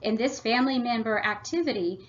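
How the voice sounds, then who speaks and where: A woman presenting a family workshop, reading a prepared script in a measured, instructive way. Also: on the high side. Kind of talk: scripted read-aloud presentation. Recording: slightly dull lo-fi audio.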